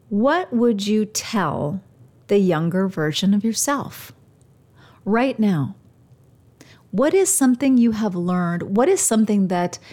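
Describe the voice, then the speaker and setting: A woman hosting a motivational self-help show, talking slowly and gently, pausing often as she guides listeners through reflection. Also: lowish voice. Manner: slow, gentle, reflective delivery with pauses. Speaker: show host.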